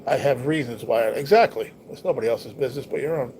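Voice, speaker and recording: A man's voice: medium pitch, fast talker, darkish tone, poor audio. A man hosting a casual livestream, chatting bluntly to viewers with lots of swearing and slang. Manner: blunt, profane, rambling talk to viewers. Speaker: livestream host. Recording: noticeable background noise.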